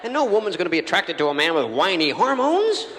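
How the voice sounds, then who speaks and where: Man, stand-up comedian, rambling storyteller, somewhat high and very lively, reverberant 1984 live theatre recording. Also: fast talker, a little hiss or hum. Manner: rambling storytelling, acting out scenes. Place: large theatre stage before an audience.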